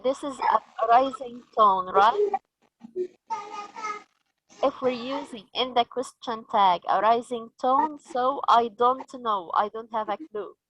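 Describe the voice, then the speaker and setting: Slow, patient woman trainer. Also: fairly high pitch, a bit bright, no echo, rough recording. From Egypt. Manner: patient, questioning, prompting the group. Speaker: teacher trainer. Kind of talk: teaching a training session.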